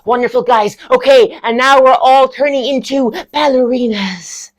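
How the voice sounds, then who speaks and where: A woman voicing an effusive, bossy drama lecturer in a high, sing-song voice. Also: normal speed, natural voice. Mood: gushing. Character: gushing theatrical female drama lecturer.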